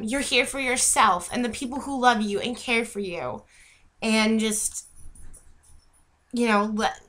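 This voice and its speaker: A woman's voice: on the high side, normal speed, fairly bright tone. A young woman, a vlogger, ranting heatedly and rambling to camera, often breaking off mid-sentence and apologizing for repeating herself. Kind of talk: unscripted rant to camera.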